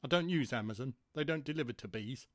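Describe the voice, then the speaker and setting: A man's voice: medium pitch, animated, quick pace, dry recording, studio quality, natural voice. A man voicing a blunt, sardonic mother carpenter bee in a storybook.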